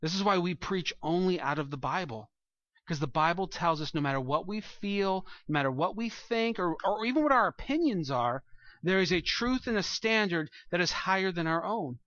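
A man preaches a sermon to his congregation, his bright, slightly high voice earnest and climbing to emphatic peaks. The sound is close and dry, with a slightly dull, muffled tone. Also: expressive, normal speed, no room sound. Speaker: pastor. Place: church room with a congregation.

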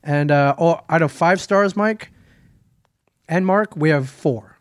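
A man's voice: fairly high pitch, no room sound, clean studio sound. Talkative man reading a review aloud. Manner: storytelling, reads aloud with halting restarts. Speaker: podcast co-host. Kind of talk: casual chat.

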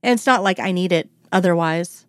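A gentle, reassuring grown woman in an audiobook-style story, as the reader voices her. The voice sits a little low and sounds close and dry. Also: fairly quick, no echo, natural voice. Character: adult woman, female lead, gentle and reassuring.

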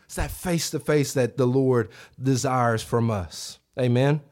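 A man in his thirties preaching a revival sermon in a church, conversational, with asides to the congregation and a voice that jumps up when he acts out what people say. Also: a little slow. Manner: animated, voice rising high when acting out quotes. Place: church sanctuary.

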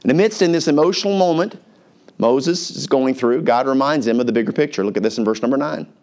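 A man's voice: mid-range voice, quick pace, darkish tone. A male pastor preaching a sermon in an earnest, conversational way, reading scripture aloud.

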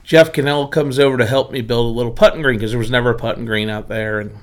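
Talking fast in a mid-range voice, a driving range owner from Pennsylvania tells stories in casual conversation. He brings his anecdotes to life by acting out what people said.

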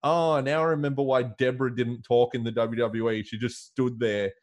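A man's voice: mid-range voice, fairly even intonation, moderate pace. Man, podcast co-host, casual chat, joking, laughing asides.

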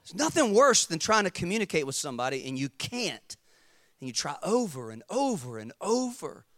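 A man preaching a sermon as pastor, animated and emphatic, acting out his stories. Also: fairly high pitch, dry recording, studio quality.

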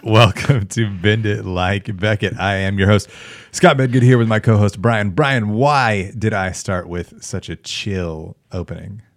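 A man's voice: lowish voice, measured pace, dry recording. A man hosting a casual chat podcast, talking with dry, teasing sarcasm. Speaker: podcast host.

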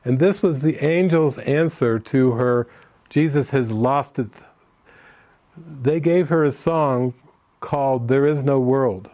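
A man's voice: mid-range voice, slow pace, mellow. An older man leading a spiritual retreat, reading out questions and telling stories in a storytelling manner. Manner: storytelling, answers questions read aloud. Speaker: spiritual teacher. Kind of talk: retreat talk.

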